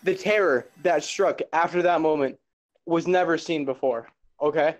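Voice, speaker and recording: A young man telling a story in a casual group chat with friends, animated and theatrical, swearing as he goes. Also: on the high side, moderate pace, highs cut off.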